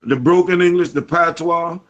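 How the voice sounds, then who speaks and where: A man's voice: fairly high pitch, moderate pace, highs cut off. A man from Washington D C with a Southeast DC accent, telling stories as a guest in an interview, acting out what people said. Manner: animated storyteller, acts out quotes. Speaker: interview guest, reggae artist. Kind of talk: storytelling in casual conversation.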